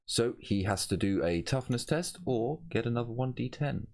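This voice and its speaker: A man narrating as game master of a tabletop game, relaxed and rambling, correcting himself as he goes. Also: mid-range voice, moderate pace, vocal fry.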